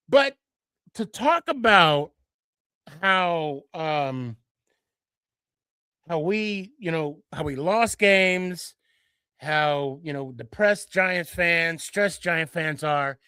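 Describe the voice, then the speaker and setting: A man hosting a podcast in a casual monologue, rambling with many restarts and fillers, and getting excited and animated as he tells a story. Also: takes it slowly, smooth, no room sound. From Dallas-Fort Worth area. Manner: excitable, jumps higher when animated. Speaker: podcast host.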